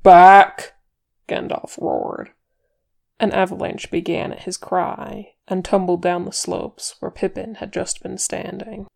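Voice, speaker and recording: A woman narrating a chapter of fan fiction as an audiobook reader, measured and expressive. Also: on the low side, creaky.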